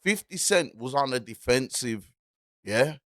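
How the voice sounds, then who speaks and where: A man's voice: medium pitch, expressive, unhurried, noisy background. A man hosting casual commentary, talking emphatically and repeating his points. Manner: emphatic, repeats points, asks "you get me?". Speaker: commentary host.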